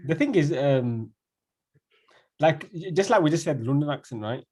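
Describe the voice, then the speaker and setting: A man's voice: fairly high pitch, lively intonation, moderate pace, a little mellow. A man with a Bradford Yorkshire accent, co-hosting a casual podcast and laughing often. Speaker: podcast co-host. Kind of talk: casual chat.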